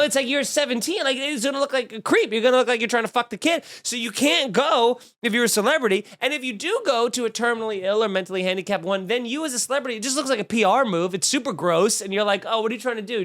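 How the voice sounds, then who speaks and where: A man's voice: very high voice, fairly bright tone. A man hosting a comedy podcast, riffing in a snarky, profane monologue full of mock outrage. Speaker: podcast host.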